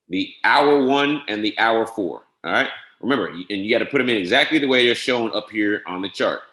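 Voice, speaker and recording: A man giving a casual screen-share software walkthrough, methodically spelling out each entry step by step and often checking in with "all right?". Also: fairly low pitch, echoey room. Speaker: software trainer.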